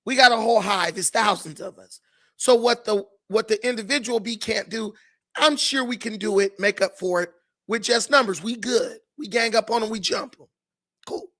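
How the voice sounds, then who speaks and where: A man's voice: high-pitched, moderate pace, bright, forceful tone. A man voicing a boastful male bee guarding his honey, with a swaggering, streetwise manner. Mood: cocky.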